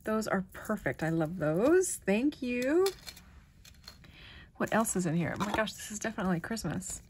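A woman in casual unboxing chat, gushing over each little item with delight, sometimes slipping into a soft whisper. Her voice sits at an ordinary middle pitch. Faint noise sits under the recording, with paper crinkling behind her. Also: expressive, normal speed. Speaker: crafting vlogger.

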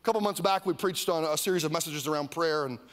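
Animated high-voiced male pastor preaching. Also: quick pace. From Iowa. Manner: animated, with mock whiny voices and calls for the crowd to repeat. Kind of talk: sermon. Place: church service.

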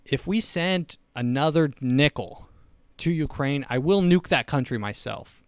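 Rambling sarcastic young man, smooth voice. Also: fairly high pitch, expressive, a little slow, no room sound. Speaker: podcast host. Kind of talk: casual comedic monologue.

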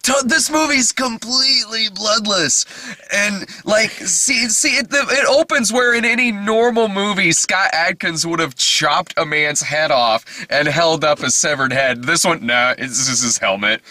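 A man's voice: high voice, measured pace, dry recording. A man co-hosting a casual movie review chat who riffs with frequent laughs and profanity. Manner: profane, laughing, animated riffing. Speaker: podcast co-host.

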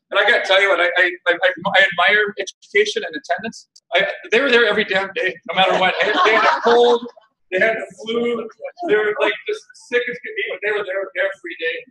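A man giving a keynote talk, telling funny stories about himself with animated delivery and frequent laughter. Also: high voice, fairly quick. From Canada. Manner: animated, self-mocking, laughs often. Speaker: keynote speaker. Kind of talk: humorous storytelling keynote. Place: conference hall. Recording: echoey hall, mic at a distance.

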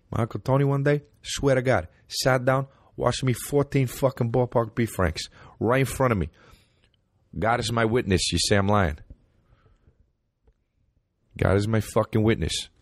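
A man voicing a loud, pushy New York guy with a New York accent who swears constantly. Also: lowish voice, moderate pace, pauses often, dry recording, clean studio sound, voice pushed up. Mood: brash. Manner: brash, swearing, insistent.

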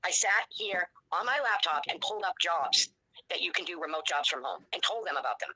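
A woman in her sixties, speaking bluntly and profanely as an interview guest, telling her story in an animated way. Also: on the low side, a little fast, husky, no room sound, rough recording. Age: 60s. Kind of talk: candid interview.

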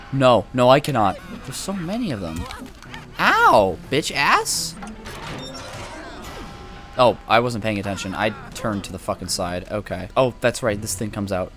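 A young man giving casual, excitable gameplay commentary with frequent swearing, shouting at characters in the game. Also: lowish voice. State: sore tongue from a cold sore. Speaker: gaming video creator.

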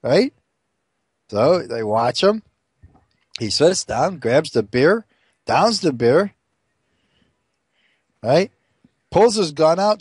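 A man spinning a long, rambling joke with lots of asides. His voice is lively and swings widely as he builds the story, sitting a bit high for a man. It is recorded dry and close. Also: breathy edge, no room sound. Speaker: joke teller.

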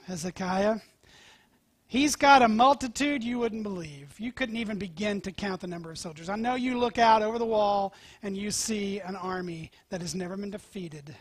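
A male pastor preaching a sermon, telling scripture stories with animated swings from loud to whispered. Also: high-pitched, moderate pace, dry recording. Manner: animated storytelling, dropping to near-whispers.

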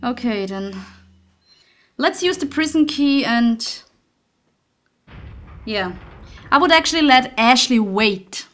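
Young woman doing a let's play, slow talker, kinda high bright voice, freaks out and swears a lot. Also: animated. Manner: jumpy, swearing, nervous laughter. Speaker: gaming channel host.

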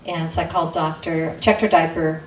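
A woman telling a personal testimony at a church gathering, in an earnest way, acting out the dialogue with sudden jumps in pitch. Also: flat delivery, brisk. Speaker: guest speaker sharing testimony. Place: intimate church gathering room. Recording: roomy sound from a distant mic, faint noise.

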